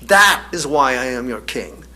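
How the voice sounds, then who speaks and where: A man's voice: on the high side, sing-song, unhurried, creaky, a bit bright, exaggerated voice. A man doing a pompous, commanding king. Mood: regal. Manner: grand and commanding.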